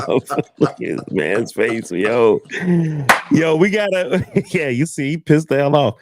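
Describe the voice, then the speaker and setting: A man hosting a casual panel discussion, telling stories with laughter and animated asides. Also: mid-range voice, measured pace, noisy background. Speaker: host.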